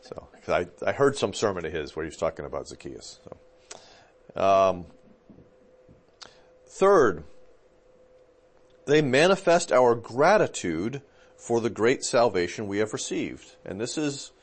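A fairly low-voiced man preaching in a loose, conversational way. He leans on fillers as he thinks aloud and keeps checking in with his listeners with a quick "okay?". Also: animated. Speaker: pastor teaching a class. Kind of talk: conversational teaching.

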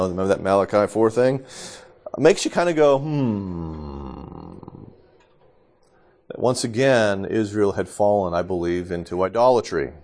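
A man's voice: lowish voice, darkish tone. A middle-aged man teaching a Bible lesson in a loose, conversational way, often checking in with "okay?" and laughing, a little congested from allergies. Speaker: pastor.

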